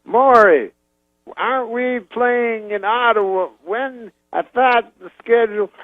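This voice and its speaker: A grand older comedian holds court in choppy half-sentences, as a man puts him on. The voice sits far higher than the storyteller's own and stretches out slow, drawn-out shouts. The sound is dry and a little muffled. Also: dry recording. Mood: grandly generous. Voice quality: speaks in broken half-sentences. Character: famous older male comedian, halting, fragmented, grand.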